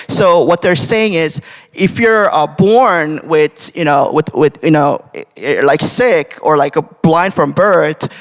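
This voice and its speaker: A young man preaching a casual devotional sermon, talking conversationally with many fillers and frequent "right?" checks. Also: fairly high pitch. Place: church sanctuary. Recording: long church hall reverb.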